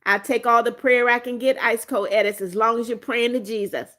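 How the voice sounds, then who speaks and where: A woman's voice: fairly high pitch, fairly even intonation, fairly quick, fairly bright tone. A woman in her seventies hosting a casual livestream, reading viewer comments aloud with a playful, teasing manner. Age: 70s. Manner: playful, teasing, frequent laughs. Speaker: livestream host.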